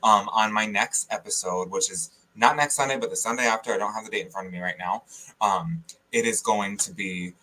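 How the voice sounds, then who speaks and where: Effusive, low-voiced male show host. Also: brisk, slight background noise, rough recording. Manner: warm, effusive sign-off.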